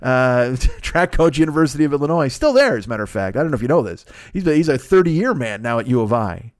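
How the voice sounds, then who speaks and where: A man in his forties hosts a comedy podcast on his own, talking in a loose, rambling way. He swears freely and keeps stopping to correct himself. His voice sits at an average pitch and is recorded dry and close, with no room sound. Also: very animated, fast talker, no room sound. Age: 40s. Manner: rambling, profane, self-correcting. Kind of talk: casual rambling monologue.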